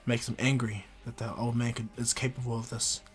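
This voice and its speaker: A man's voice: medium pitch, little pitch movement, a little fast, faint music behind. A man telling a fan story in a casual, rambling way, full of fillers and restarts.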